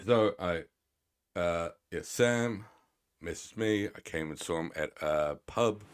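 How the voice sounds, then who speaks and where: A man streams live, rambling and teasing his chat with lots of swearing. His very low voice is smooth and unhurried, and the sound is dry and close with no room sound.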